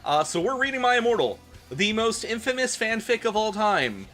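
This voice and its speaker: A man's voice: sits high, very animated, normal speed, fairly bright tone, faint music behind. A man streaming a comedic dramatic reading, breaking off for wry, laughing asides. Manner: wry, laughing asides between read lines.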